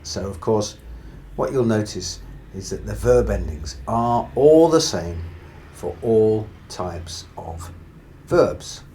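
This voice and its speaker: A man with a low voice gives a methodical grammar lesson, stepping through each verb form in turn. A faint background hiss sits under the recording. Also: slow. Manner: steady, methodical, drills through conjugations. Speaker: Spanish grammar teacher. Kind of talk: explanatory language lesson.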